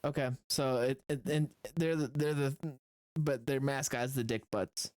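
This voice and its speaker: A playful tabletop player describes their character's actions in a mid-pitched voice. The sound is dry and close, with no room echo. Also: steady tone, normal speed, darkish tone. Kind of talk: tabletop role-play.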